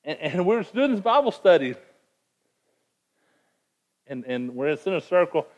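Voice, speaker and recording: A man's voice: fairly high pitch, very animated, moderate pace, a little mellow, muffled recording. Earnest, emphatic preacher man. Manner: earnest, emphatic, repeats words when stressing a point. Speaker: pastor. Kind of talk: sermon.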